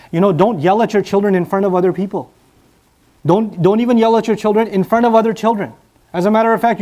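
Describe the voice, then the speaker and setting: A man's voice: high voice, darkish tone. A middle-aged man preaching a sermon, earnest and building to emphatic repetition. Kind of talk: sermon to a live audience.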